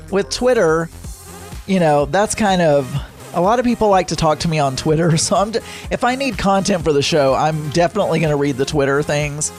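A man's voice: fairly high pitch, dry recording. A man hosting a casual solo show, rambling with frequent restarts and self-corrections. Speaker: podcast host.

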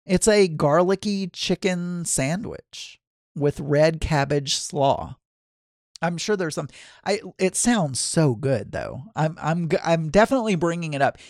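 A podcast co-host chatting casually, with a gravelly, fry-edged voice. They muse aloud, trail off and restart their sentences. The sound is close and dry, with no room around it. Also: medium pitch, animated, unhurried, a little mellow, no echo. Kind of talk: casual chat.

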